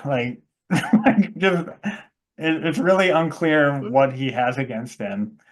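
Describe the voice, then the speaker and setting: A man's voice: medium pitch, lively intonation, measured pace. A man co-hosting a casual movie podcast, rambling with lots of fillers and acting out scenes he retells. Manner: rambling, many fillers, acts out quoted lines. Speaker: podcast co-host. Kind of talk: casual chat about movies.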